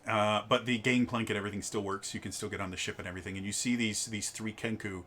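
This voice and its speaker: A man's voice: on the low side, steady tone, fast talker, a bit bright. Stammering man running a tabletop game. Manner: stammering, many fillers. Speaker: game master.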